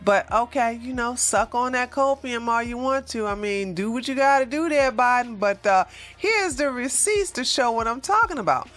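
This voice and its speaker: Sarcastic, bright-voiced woman host. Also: a little high, expressive, normal speed, few pauses, soft background music. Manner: sarcastic, emphatic, slangy. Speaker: political commentary host. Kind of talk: casual political commentary.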